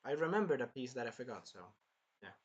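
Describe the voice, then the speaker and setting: A man hosting a casual anime episode review, rambling and sidetracking, often apologizing and clearing his throat. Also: mid-range voice, very animated, quick pace, dull audio. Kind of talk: casual chat recapping an episode.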